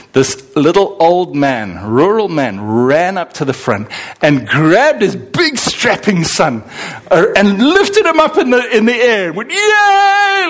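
A man from Zimbabwe, preaching a sermon with animated, dramatic swings in delivery. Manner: animated, with sudden dramatic swings in pitch and pace. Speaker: pastor.

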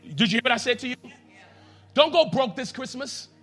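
A man preaching a sermon in a church as pastor, talking straight to the congregation and leading them in prayer, swinging from hushed lines to loud, emphatic ones. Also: very high voice, animated, moderate pace. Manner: addresses the congregation directly, leads them in prayer.

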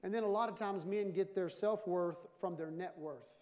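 A man in his fifties preaching a sermon with humor, animated and jokey, acting out little dialogues. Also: high voice, moderate pace. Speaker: pastor. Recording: long hall reverb.

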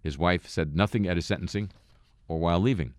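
A man hosting a satirical radio show who reads the news and drops wry, deadpan asides between items. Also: deep voice, fairly quick, dry recording. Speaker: radio host.

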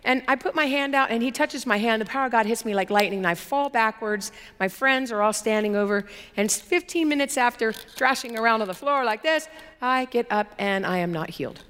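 Woman preacher, sermon testimony, high voice, lively storytelling, emphatic repeats, long hall reverb. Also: brisk, smooth. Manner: animated storytelling with emphatic repetition.

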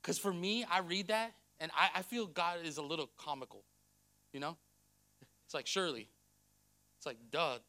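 A man pastor delivering a sermon in church, blunt and emphatic, swinging between soft passages and loud ones. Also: a little high, animated, moderate pace, long pauses. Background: faint music.

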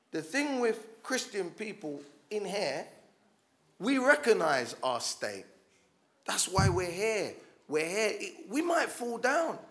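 A man delivers a sermon in a fairly high voice. He speaks with passion, stumbling over restarts, and builds to loud calls for his listeners to stand up. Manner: passionate, rising to loud exhortation with frequent restarts. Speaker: preacher.

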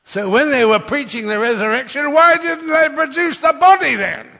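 Older man, preacher, high gravelly voice, slow delivery, rousing sermon with call-and-response. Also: animated, pushed and bright, in a large hall. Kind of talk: Easter sermon.

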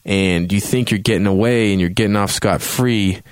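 A low-pitched male voice, recorded close and dry with no room around it. He recaps a game in a loose, rambling way, peppering it with swearing and jumping into raised voices for reactions. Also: moderate pace, clean tone, no echo. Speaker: host reviewing a video game. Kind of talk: casual spoken review.

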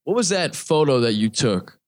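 A man interviewing a photographer and asking earnest, measured questions. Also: medium pitch, very animated.

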